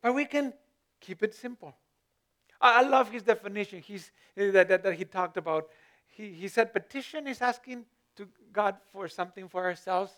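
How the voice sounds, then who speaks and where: Guy preaching a sermon, pretty high voice, kinda chatty, stumbles over words. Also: a bit bright. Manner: conversational, repeats words when searching, voice rises for emphasis. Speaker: pastor.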